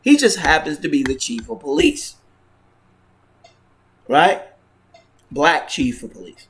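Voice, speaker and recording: A man with a somewhat high-pitched voice tells a personal story straight to camera. He talks earnestly and restarts his sentences often, repeating words as he goes. He keeps tagging his lines with a questioning "right?". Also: huge pitch swings, slow, creaky, slight background noise. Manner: earnest, retelling events with frequent 'right?' tags. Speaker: vlogger.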